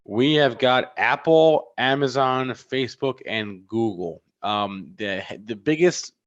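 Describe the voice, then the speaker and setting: A man co-hosting a live trading show, reading earnings numbers with halting, filler-laden delivery. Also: mid-range voice, animated. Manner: hesitant, many fillers, reads numbers. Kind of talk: live market talk. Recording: dull lo-fi sound.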